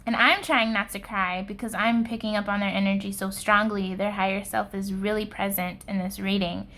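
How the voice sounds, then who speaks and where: A woman hosts a pick-a-card tarot reading. She speaks slowly and softly, with an earnest, measured delivery. Her voice sits at an ordinary middle pitch. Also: level tone. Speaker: tarot reader.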